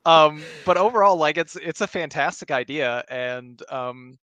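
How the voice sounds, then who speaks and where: Bright-voiced enthusiastic man. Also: fairly high pitch, animated, measured pace, no echo. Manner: encouraging and enthusiastic, with many fillers. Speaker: podcast co-host. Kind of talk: casual chat.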